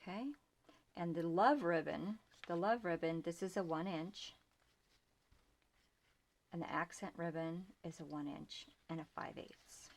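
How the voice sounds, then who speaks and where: An older woman talks slowly and homely about the ribbons she sells, in a lowish voice. She often trails off into a near whisper as she handles things. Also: creaky. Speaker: small shop owner showing ribbons. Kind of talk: casual product show-and-tell.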